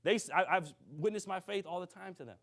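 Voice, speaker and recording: A man preaching to a congregation. He tells a story with lively, acted-out dialogue and keeps checking in with his listeners. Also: high voice, quick pace. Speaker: minister. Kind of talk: sermon storytelling.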